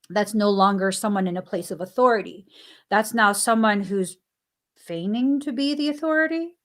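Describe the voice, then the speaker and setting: A woman hosts a spiritual podcast, telling a personal story in a relaxed, chatty way. She acts out the quoted lines with lively shifts in her voice and breaks into laughter now and then. Her voice sits at a middle pitch. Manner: animated, acts out quoted dialogue, laughs often. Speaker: podcast host. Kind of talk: casual storytelling.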